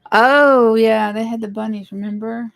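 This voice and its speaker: A woman's voice: on the high side, fairly even intonation, moderate pace, gravelly, no room sound. A woman, chatting casually with viewers while hosting a home livestream. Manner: chatty, greets viewers, apologizes for tech trouble. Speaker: livestream host, homesteader.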